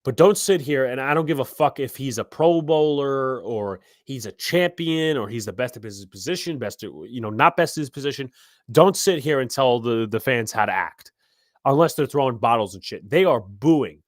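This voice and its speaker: A man hosting a live sports podcast, ranting heatedly and profanely about his team, his voice swelling loud when angry. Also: medium pitch, lively intonation, moderate pace, no echo, studio quality. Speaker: podcast host.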